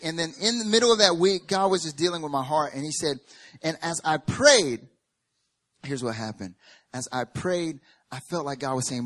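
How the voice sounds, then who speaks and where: A man preaching a sermon as a pastor. He tells a personal story with humor and emphatic repetition, and sometimes drops to a quiet, earnest tone. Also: fairly high pitch, expressive, moderate pace.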